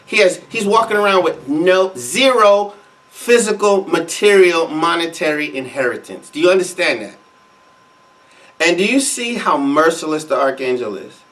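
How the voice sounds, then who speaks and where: A man's voice: a little high, expressive, normal speed, a bit bright, far from the mic. Heated, emphatic man commenting. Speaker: co-host of a reaction show. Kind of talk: casual commentary reacting to a sermon.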